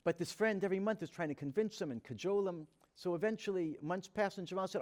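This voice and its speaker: A man's voice: high-pitched, fast, darkish tone. A man, a rabbi, telling a personal story to an audience in an earnest, dramatic way, acting out the dialogue he quotes. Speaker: rabbi giving a talk.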